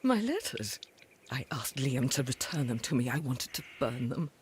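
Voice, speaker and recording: An actress voicing a distraught young wife under suspicion, pleading and shaky with tears, in a video game. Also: female voice, rumbling low, sing-song, normal speed, slight background noise. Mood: defensive. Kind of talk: video game character dialogue.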